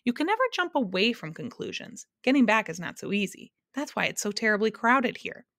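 A woman's voice: on the high side, very animated, brisk, a bit bright, dry recording, clean studio sound, pitched above the performer's own voice. A woman reading aloud and voicing a fretful, contradictory man in a storybook.

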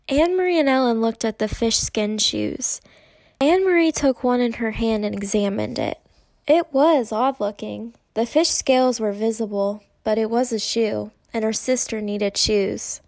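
Woman narrator, measured storytelling, fairly high, very dry sound. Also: creaky, darkish tone, no room sound. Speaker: audiobook narrator. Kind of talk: scripted narration.

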